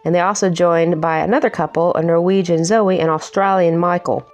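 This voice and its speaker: Casual woman doing a horror movie review, lowish voice, faint music behind. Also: steady tone, fairly quick, darkish tone, highs cut off. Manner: chatty, self-mocking, laughs at her own jokes.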